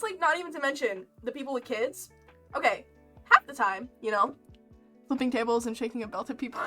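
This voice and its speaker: Woman streamer, high bright voice, animated storytelling over soft lo-fi music. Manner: animated, laughing often, mock exasperation. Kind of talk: casual storytime chat. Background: lo-fi game music.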